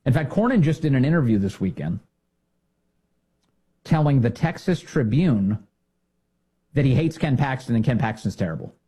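Sarcastic male political commentator, husky voice. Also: mid-range voice, very animated, normal speed, pauses often, mellow. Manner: sarcastic, indignant, mocking impressions.

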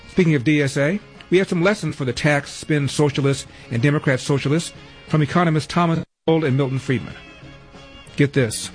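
A man hosting a talk radio show, running through headlines with wry, sarcastic asides. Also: fairly high pitch.

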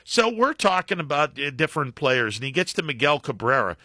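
A middle-aged former baseball broadcaster telling anecdotes as a guest, with halting restarts and acted-out quotes. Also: male voice, fairly high pitch, no echo, clean studio sound. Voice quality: halting, many restarts and fillers. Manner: acts out quotes in animated anecdotes. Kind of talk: casual phone-in storytelling.

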